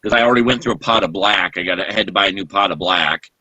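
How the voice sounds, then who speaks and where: A man's voice: deep voice, fast talker, pushed and bright, dry recording, muffled recording. A man hosting a casual gamer chat, telling stories in a rambling way and laughing often.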